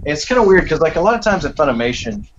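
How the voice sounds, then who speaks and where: A man's voice: a little high, sing-song, quick pace, slight background noise. Easygoing male voice actor, muffled audio. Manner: reflective, rambling with many fillers. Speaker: voice actor and acting teacher. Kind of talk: casual interview chat. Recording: slightly dull, muffled audio.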